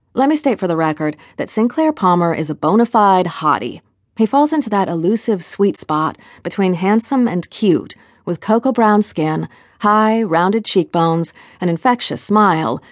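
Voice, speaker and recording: A woman's voice: fairly low pitch, dry recording. A woman narrating a first-person novel in a wry, conversational way, recorded on a close studio mic. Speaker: audiobook narrator.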